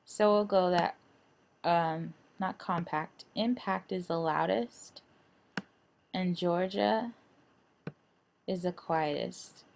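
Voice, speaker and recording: A woman giving a screen-recorded design lesson, talking in a halting way with many fillers and restarts. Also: fairly low pitch, gravelly, a little mellow. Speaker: instructor.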